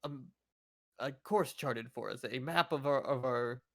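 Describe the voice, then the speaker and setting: A man's voice: mid-range voice, measured pace, vocal fry, a bit bright, dry recording, studio quality. A man playing a tabletop role-playing game, talking in and out of character with frequent stammers. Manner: stammering, playful in-character talk. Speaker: player.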